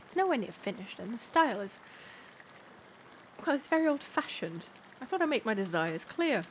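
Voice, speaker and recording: A haughty nobleman patron, played by a woman, pitched up high and complaining in a lofty, entitled tone. There is steady background noise under the voice. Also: moderate pace.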